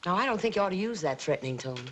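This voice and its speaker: Actress playing a sly, needling aunt. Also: female voice, fairly low pitch, expressive, rapid-fire, a little hiss or hum, natural voice. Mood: threatening. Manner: sly, insinuating, sharp when crossed. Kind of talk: 1950s TV drama acting.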